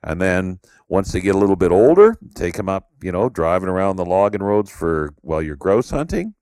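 A man's voice: sits low, very animated, brisk, darkish tone, no echo, studio quality. A middle-aged man from Canada, hosting a podcast and telling stories in a rambling way with lots of fillers. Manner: storytelling, rambling with many "you know" fillers. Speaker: podcast host. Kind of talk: casual conversation.

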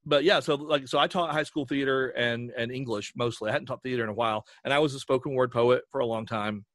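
A man's voice: medium pitch, fast talker, dry recording, clean studio sound. A man with a Southern Appalachian accent, a voice actor chatting as a podcast guest and acting out voices as he tells stories. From western North Carolina. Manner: animated storyteller who acts out voices. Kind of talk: casual chat.

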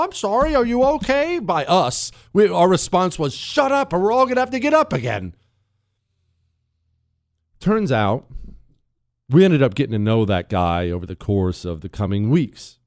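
A man's voice: medium pitch, a little mellow, no room sound, studio quality. Emphatic man telling a story on talk radio. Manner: emphatic storyteller, repeats points, asks the listener questions. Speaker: radio talk show host.

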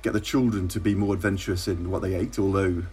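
A middle-aged man from England, a former minister, telling wry, measured stories in an interview. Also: deep voice, steady tone, darkish tone, slightly rough. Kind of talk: relaxed interview anecdotes.

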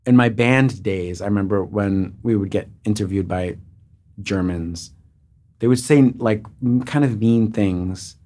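A man talking as a comedian guest in casual conversation, halting and searching for his words. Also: on the low side, a little mellow.

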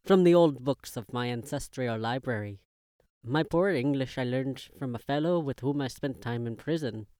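Man acting out a grotesque ancient old uncle, heavy accent, halting formal english, middle pitch, dry close sound. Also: dark tone, clean tone, dry recording, natural voice. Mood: unctuous. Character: ancient grotesque old uncle, lonely, oozing false charm. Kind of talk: audio drama reading.

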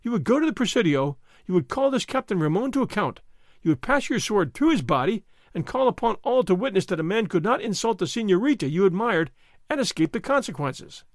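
A man's voice: sits high, very animated, a little fast, dry recording, clean studio sound, voice pushed up. A man doing a fiery young noblewoman. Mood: indignant. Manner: indignant, scornful. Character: proud spirited young noblewoman.

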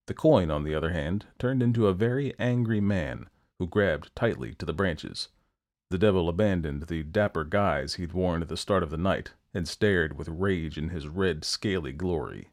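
A man narrating a folktale in a steady, expressive storytelling manner. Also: low-pitched.

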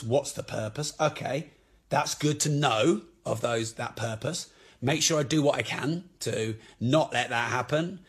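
Man, slightly high and husky voice, blunt and candid motivational speaker. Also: fairly bright tone. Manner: frank, swears freely. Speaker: property business speaker.

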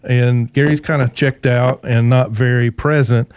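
A male podcast co-host talking earnestly and haltingly, with many fillers, as he sets up a film clip. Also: mid-range voice, steady tone, a little mellow, smooth, no room sound. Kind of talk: casual studio chat.

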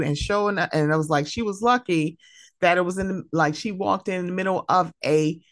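A woman's voice: lowish voice, fairly quick, no echo, studio quality. A woman hosting her own podcast, talking casually and with feeling, telling stories about friends. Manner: emotional, tearful at times, animated storytelling. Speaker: podcast host. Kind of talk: casual solo podcast monologue. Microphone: close podcast mic.

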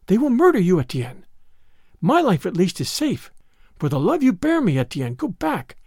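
A man's voice: sits high, huge pitch swings, moderate pace, darkish tone, husky, dry recording, clean studio sound, heavily acted. A man voicing a brave, pleading young lady. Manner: pleading, emotional. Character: young noblewoman, frightened yet brave and devoted.

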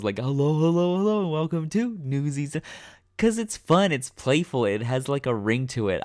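A man's voice: on the low side, dry recording, studio quality. A man hosting his own podcast, talking casually off the cuff with many fillers and restarts. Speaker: podcast host. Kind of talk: casual solo podcast talk. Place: home room.

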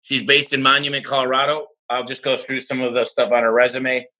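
A man hosting a podcast, giving an energetic, somewhat rambling introduction of his guest. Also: medium pitch, fairly quick, low-quality recording. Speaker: podcast host. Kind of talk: casual podcast interview.

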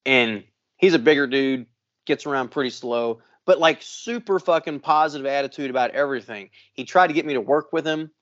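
A man co-hosting a podcast, telling a long story in a casual, profane, animated way. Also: mid-range voice, brisk, muffled recording. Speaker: podcast co-host.

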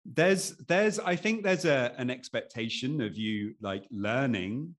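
A middle-aged man from England, an anxiety coach guesting on a podcast, talks casually with many restarts and fillers. He has an English accent and an animated, mid-range voice at a measured pace.

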